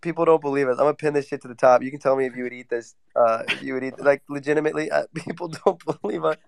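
A man's voice: mid-range voice, gravelly, no room sound. A young man ranting brashly in casual chat, full of swearing. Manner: brash, profane, quick ranting.

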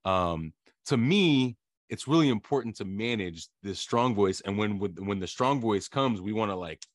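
A male interview host with a lowish voice, recorded dry and close with no room sound. He thinks aloud and hesitates with fillers as he frames his questions, reflective rather than brisk. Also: expressive, no echo. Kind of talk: conversational interview.

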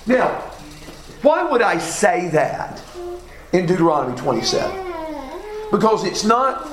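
A man's voice: high-pitched, wildly swooping pitch, measured pace. A man teaching a Bible class, reading scripture aloud and asking his students questions. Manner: reads scripture aloud, asks class questions, self-corrects. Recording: echoey room, faint background noise.

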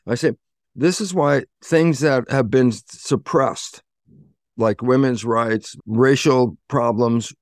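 A man, a guest in an interview, explaining in an animated way and acting out bits of dialogue. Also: mid-range voice, no echo, clean studio sound. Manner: animated, acts out dialogue in quotes. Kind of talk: conversational explaining.

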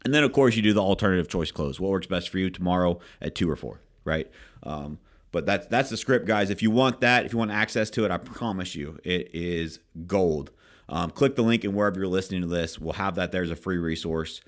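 Guy with a lowish voice hyping up a sales script, casual pep-talk coaching. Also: a little fast. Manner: energetic, emphatic, acts out sales scripts. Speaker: podcast host and real estate team leader.

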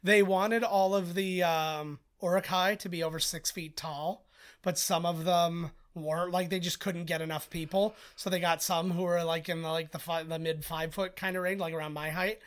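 A man's voice: fairly high pitch, flat delivery, normal speed, clean tone. A man co-hosting a podcast, chatting casually through a film commentary and telling stories full of filler words. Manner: chatty storyteller who acts out quotes; rambling with many filler words. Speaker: podcast co-host.

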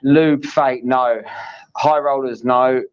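Halting man co-hosting a live stream. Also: mid-range voice, clean tone. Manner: halting, trips over words, reads out lists flatly. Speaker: co-host. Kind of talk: casual live-stream chat. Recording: dull lo-fi stream audio.

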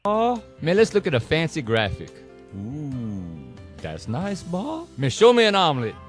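Guy doing a cajun hustler selling junk, lively drawl, music under it. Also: on the high side, a little slow. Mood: hustling. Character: broke Cajun man pitching a silly invention. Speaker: comedic parody dub.

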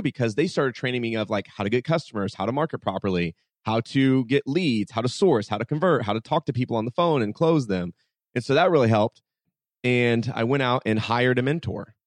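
In a casual storytelling interview, a medium-pitched podcast guest speaks briskly and with animation, acting out dialogue and filling it with "like." The recording is dry.

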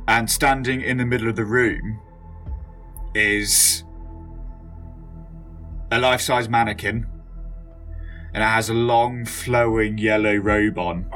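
A man narrating scenes as game master of a tabletop role-playing game, describing things in an unhurried way with fillers. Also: fairly low pitch, a bit bright.

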